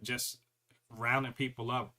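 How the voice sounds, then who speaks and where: A man with a bright, forceful voice holds forth in casual chat, his pitch sitting right in the middle for a man. He talks in an animated, profane way and slips into mocking voices to quote others. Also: measured pace. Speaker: podcast co-host.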